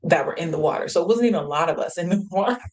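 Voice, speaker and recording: A woman hosts a live show and tells a personal story in a relaxed, motivational way. She laughs often and jumps into the voices of the people in her story. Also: on the low side, very fast, poor audio. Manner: animated, laughs often, acts out quotes. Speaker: host.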